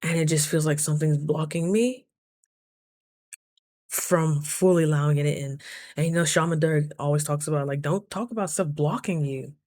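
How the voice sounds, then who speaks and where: A woman's voice: sits low, steady tone, moderate pace, mellow, no echo. A woman talking through a casual diary vlog, earnest and reflective, sometimes close to tears. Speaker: vlogger.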